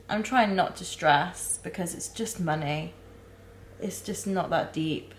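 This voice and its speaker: Brief: young woman, lowish voice, halting and near tears, in an echoey room with a faint hum. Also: fairly even intonation. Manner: halting, searching for words, many fillers and restarts. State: close to tears. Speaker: vlogger. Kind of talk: candid personal vlog.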